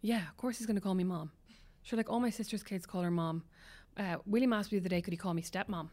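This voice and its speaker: A woman, chatting as a podcast guest and telling lively stories with quoted asides. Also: medium pitch, fast. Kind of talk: casual chat.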